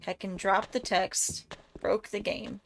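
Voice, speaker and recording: Gravelly-voiced Ohio woman streaming games. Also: medium pitch, level tone, slow pace, slight background noise. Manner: joking, profane banter with chat. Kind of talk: casual live game stream chat.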